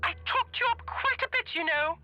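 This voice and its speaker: A woman's voice: very high voice, animated, normal speed, muffled recording. An actress voicing a haughty, fussy older chairwoman of a preservation society in a video game, talking in a pompous, imperious way. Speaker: game character. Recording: game audio with background music.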